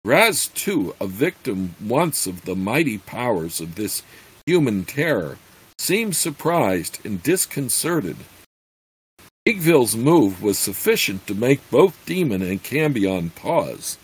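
A man reading a fantasy story aloud, slowly, with some slips and fillers. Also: fairly low pitch, big pitch swings, slightly rough, low-quality recording. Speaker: reader.

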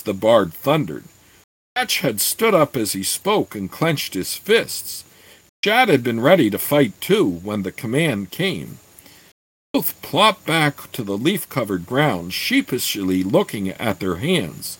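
A man reading a fantasy novel aloud, then pausing to comment with halting asides. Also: medium pitch, breathy edge, no room sound. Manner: slow, expressive, halting in asides. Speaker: reader.

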